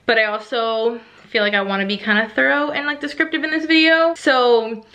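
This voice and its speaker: A woman's voice: a little high, brisk, sharp tone. A young woman vlogger in late pregnancy, chatty and long-winded, touring her home organization and a little out of breath. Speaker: lifestyle vlogger. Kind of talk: casual home tour vlog.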